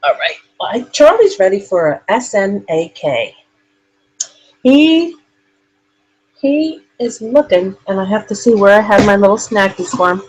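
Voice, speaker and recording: Husky woman rambling on her home livestream, laid back and chatty, mid pitch. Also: animated, unhurried, poor audio. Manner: rambling, chatty, laughs often. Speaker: host of a live paranormal chat. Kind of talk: relaxed live-stream chat. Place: room in her own home.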